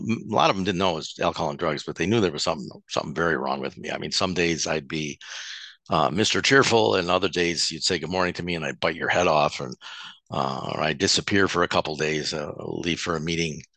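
A man sharing his personal testimony at a support meeting, halting and often restarting his words. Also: deep voice, gravelly, pushed and bright, no room sound. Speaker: recovery speaker at a support meeting.

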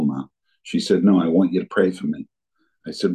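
Older man, deep low voice, husky, earnest personal recovery story. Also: moderate pace, darkish tone, rough recording. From New Jersey area. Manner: earnest storytelling, acting out remembered dialogue. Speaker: speaker sharing his recovery story. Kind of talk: personal testimony talk.

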